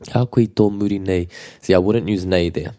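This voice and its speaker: Deep, mellow-voiced New Zealand man as a patient language teacher who repeats phrases slowly. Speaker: te reo Māori teacher. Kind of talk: relaxed language lesson.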